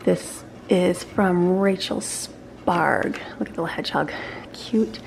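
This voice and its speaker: A woman's voice: on the low side, slow, gravelly, a little hiss or hum. A woman, a homeschooling mom, chatting casually and cheerfully in a vlog from her home kitchen. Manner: upbeat, chatty, gushing.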